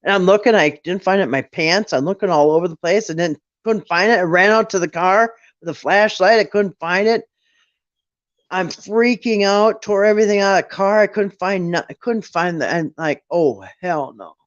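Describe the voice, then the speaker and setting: A middle-aged man with a high voice and a fairly bright tone tells a personal story at normal speed, rambling casually, often restarting and quoting his own thoughts. He's a storyteller on a late-night chat. The recording has no echo and a dull, dry lo-fi sound.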